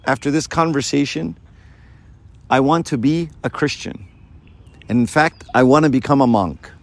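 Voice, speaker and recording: A man's voice: medium pitch, moderate pace, dry recording, close to an everyday voice. A man voicing a male pagan priest in a retold story, earnest and plain.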